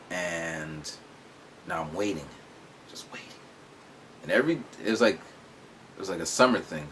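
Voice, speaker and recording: A young man casually telling a personal story, animated, acting out other people's voices. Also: low-pitched, slight background noise. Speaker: vlogger telling his story.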